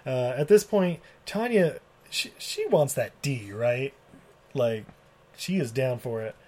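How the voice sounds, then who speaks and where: Brief: podcast co-host with a mid-pitched voice, a loose profane movie recap full of laughs. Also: animated, slow pace, dark tone. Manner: profane, rambling, laughs often, mimics characters. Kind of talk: casual movie recap chat.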